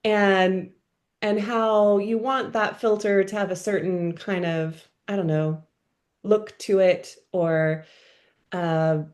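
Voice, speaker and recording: A woman's voice: mid-range voice, darkish tone. Musing woman leading a video workshop. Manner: thoughtful, musing, with hedging asides. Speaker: workshop facilitator. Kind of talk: leading a discussion group. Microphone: video call.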